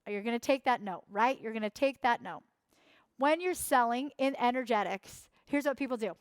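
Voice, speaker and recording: A young woman leads a coaching workshop in a fairly high voice. She drives her points home by repeating phrases and slipping into quoted voices. The sound is close and dry. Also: moderate pace, smooth, no room sound. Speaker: workshop instructor.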